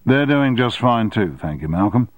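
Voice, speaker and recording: A man voicing a powerful middle-aged male newspaper tycoon who speaks briskly and with authority. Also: medium pitch, very animated, dry recording, narrow, tinny audio, voice pushed up.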